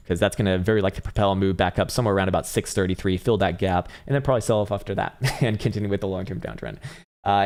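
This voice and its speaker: A man hosting a live trading stream, giving blunt, casual chart commentary full of swearing and laughter. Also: fairly low pitch. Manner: blunt, profane, laughs between points. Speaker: livestream trading host.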